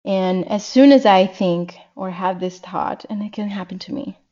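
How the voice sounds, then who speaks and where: A woman in her thirties, a podcast guest, talking in an earnest, reflective way and slowing down to stress her points. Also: medium pitch, dark tone. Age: 30s. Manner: earnest, reflective, slows for emphasis. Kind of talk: casual podcast conversation. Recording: dull lo-fi sound.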